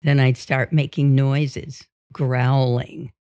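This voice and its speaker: A woman reads a memoir in the first person, slow and steady. The recording is dull and dry, with no room sound. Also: very deep voice, no echo. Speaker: audiobook reader. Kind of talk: memoir reading.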